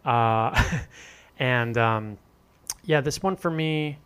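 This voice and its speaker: A man's voice: medium pitch, extremely slow, fairly bright tone, clean tone. A man co-hosting a podcast, chatting casually about books and steering the talk into each next topic. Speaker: podcast co-host. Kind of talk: casual book-club chat.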